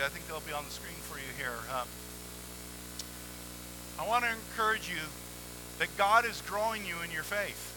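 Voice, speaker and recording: Excited pastor guy preaching, high bright voice, bit of hiss behind. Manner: energetic, conversational, acts out dialogues with God. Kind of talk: sermon. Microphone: handheld or headset mic, volume cutting on and off.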